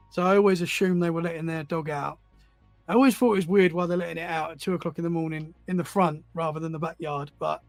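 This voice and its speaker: A man's voice: high voice, creaky, no room sound. A man, a podcast guest, telling stories in a rambling, casual way and often repeating words as he goes. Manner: rambling, repeats words while finding his thread. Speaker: podcast guest, paranormal enthusiast. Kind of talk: casual storytelling.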